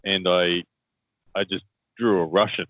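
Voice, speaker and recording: A man's voice: sits low, fairly even intonation, unhurried, dry recording, dull audio. A man with an Australian accent, co-hosting a casual chat and telling a story, laughing often and repeating words as he goes. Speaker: co-host, armwrestler.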